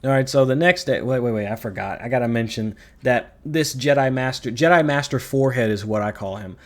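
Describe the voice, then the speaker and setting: A man's voice: medium pitch, a little fast. A man giving a ranting video review, sarcastic, profane and exasperated. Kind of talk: ranting commentary.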